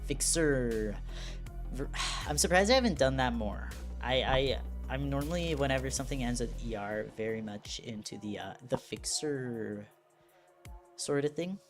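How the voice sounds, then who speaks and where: Woman streamer, casual game commentary, very deep voice. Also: a little fast, hardly any pauses, soft background music. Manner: musing, chatty, reads game text aloud.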